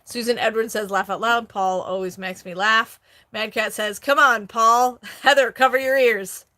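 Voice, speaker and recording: A middle-aged woman hosting a casual live stream, chatty and quick to laugh as she reads viewer comments aloud. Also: on the high side, steady tone, pushed and bright. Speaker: host, online reseller.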